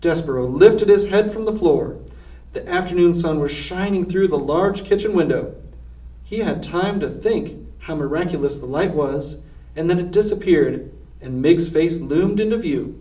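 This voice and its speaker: A man with a fairly high voice reads a children's storybook aloud with plenty of expression. He sounds far from the mic in an echoey room, and the recording is dull. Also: moderate pace. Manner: expressive read-aloud narration. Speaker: reader. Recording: distant roomy lo-fi recording.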